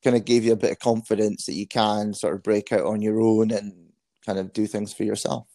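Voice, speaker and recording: A man's voice: on the low side, flat delivery, fairly quick, dark tone, no echo. A man in his thirties with a Scottish accent, a guest telling frank, self-deprecating stories in a casual interview. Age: 30s.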